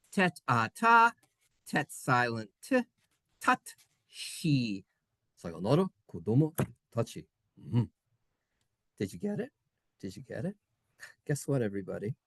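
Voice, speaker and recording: A man's voice: a little high, vocal fry, fairly bright tone, no echo. A man teaching Hebrew in a playful class, goofy and self-mocking, spelling words out letter by letter. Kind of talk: playful online class lesson.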